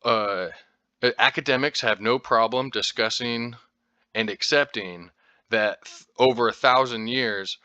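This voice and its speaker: Speaking at a measured pace in a medium-pitched, pushed and bright voice, this American man hosts a podcast and rambles through casual explanations. He's informal, using plenty of fillers and restarts, with occasional profanity. The recording is dry and the audio dull.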